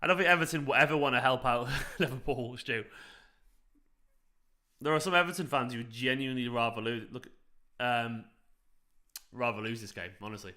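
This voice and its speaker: This is live watchalong commentary from a young fan channel host who reacts to the football, chats casually and calls out viewers by name from the chat. His mid-range voice holds a steady tone at a normal speed, bright and forceful, broken by frequent pauses.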